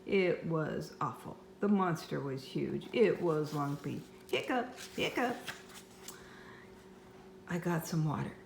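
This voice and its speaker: An older woman reading a children's book aloud at home in a slow, expressive storyteller manner. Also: deep voice, vocal fry, a little hiss or hum. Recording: echoey room with faint ambience.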